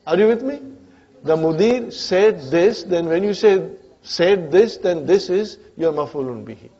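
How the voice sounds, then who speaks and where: A man's voice: high-pitched, lively intonation, a little slow, mellow, lo-fi sound. A man teaching an Arabic grammar class to adult students, often stopping to check in with "huh?" and "brothers and sisters". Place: community centre classroom.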